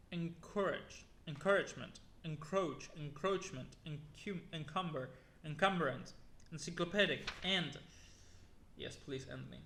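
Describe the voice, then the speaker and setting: A man's voice: on the high side, fairly bright tone. A young man reading a long list of words aloud one by one, stumbling and restarting now and then, sounding weary. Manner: plodding word-by-word reading with restarts and weary asides. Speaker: YouTuber. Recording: echoey room.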